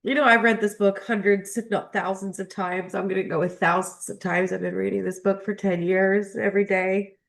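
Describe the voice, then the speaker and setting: A young adult woman who runs a spiritual astrology channel reads a spiritual text aloud and reflects on it, getting choked up and laughing between passages. Her medium-pitched voice keeps a level tone at a moderate pace, with vocal fry and almost no pauses.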